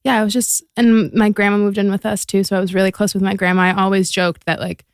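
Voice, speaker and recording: Young woman with a gravelly, fry-tinged voice. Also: medium pitch, little pitch movement, fast, dry recording, clean studio sound. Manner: chatty, filler-heavy, giggly. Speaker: podcast guest. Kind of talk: casual chat.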